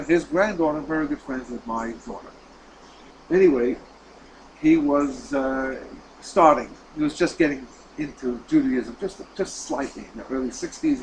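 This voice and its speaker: A man teaching a class as a rabbi, telling a story with lively delivery, repeating words and acting out the quoted lines. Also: fairly high pitch, a little hiss or hum, poor audio. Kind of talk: storytelling lesson.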